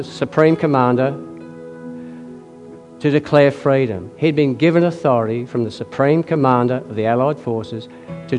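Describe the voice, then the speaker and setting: A man preaching a sermon, telling a wartime story with frequent coughs and throat-clearing, building to loud, emphatic climaxes. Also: a little high.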